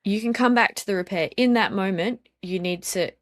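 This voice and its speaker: A woman's voice: medium pitch, brisk, dry recording. A woman in her thirties, a guest on a parenting podcast, talking earnestly through personal stories with frequent ums and likes. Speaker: interview guest, parenting speaker. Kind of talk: reflective podcast conversation.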